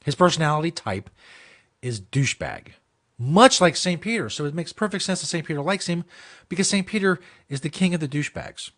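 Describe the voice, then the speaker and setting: A man's voice: a little high, expressive, fairly quick, fairly bright tone. A man hosting a comedy show, ranting and mocking with heavy swearing. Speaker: host. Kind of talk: profane comedic rant.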